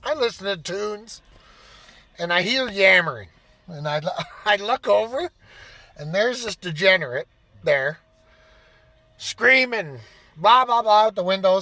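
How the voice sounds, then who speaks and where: A man's voice: sits high, animated, unhurried, bright, forceful tone, dry recording. A man in his fifties telling a rambling, profane anecdote in a casual storytelling style. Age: 50s. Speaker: vlogger.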